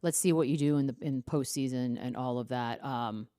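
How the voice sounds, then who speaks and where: A woman's voice: extremely low pitch, normal speed, mellow. A middle-aged woman co-hosting a sports podcast, blunt and sarcastic in casual chat. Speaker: podcast co-host.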